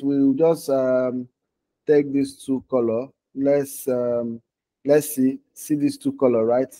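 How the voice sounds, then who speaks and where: A Nigerian design instructor with a mellow, mid-range voice runs a casual live online lesson. He talks while clicking through screens, frequently checking in with "okay?" and "right?".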